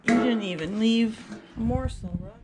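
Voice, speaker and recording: A woman's voice: a little high, normal speed. A woman vlogging at home as she feeds her dogs, chatting casually and coaxing them in a rising pet-talk voice. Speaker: dog owner vlogger. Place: home kitchen with dogs around. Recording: noisy home audio with background ambience.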